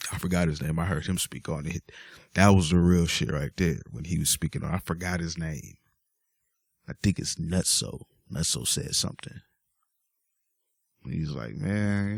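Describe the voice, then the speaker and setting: Deep-voiced guy venting on his vlog, aave, super dry close sound, keeps going off on tangents. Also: creaky, no room sound. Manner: exasperated, rambling with many fillers. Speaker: vlogger. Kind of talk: casual rant to camera.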